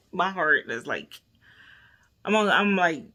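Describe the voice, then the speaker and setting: A woman's voice: lowish voice, animated, takes it slowly, pushed and bright. A stressed woman vlogging casually, rambling anxiously and often dropping to near whispers. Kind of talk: casual personal vlog.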